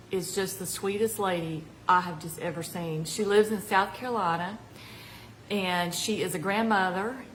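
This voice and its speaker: A woman's voice: lowish voice, slight background noise, poor audio. An older woman with a Southern American accent hosting a casual home cooking demonstration, chatty and folksy with plenty of asides. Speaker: cooking show host, retired home ec teacher. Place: home kitchen. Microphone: camera nearby.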